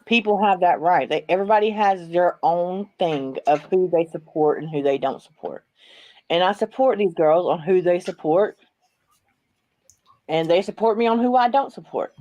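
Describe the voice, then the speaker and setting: A woman's voice: lowish voice, normal speed, mellow, dry recording, highs cut off. A woman, speaking bluntly and defiantly as a guest on a casual live-stream panel.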